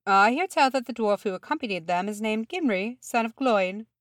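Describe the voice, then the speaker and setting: A woman's voice: on the high side, lively intonation, normal speed, no echo, studio quality, voice pushed up, lightly acted. A woman doing an icy grieving dwarf mother. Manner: cold, cutting, then rasping. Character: proud, grieving older female dwarf mother.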